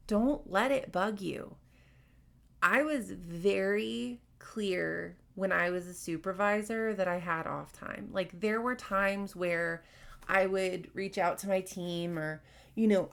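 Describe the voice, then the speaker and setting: A woman hosting a podcast, giving frank, casual workplace advice with plenty of fillers. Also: fairly low pitch. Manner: frank, conversational, with many fillers. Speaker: podcast host.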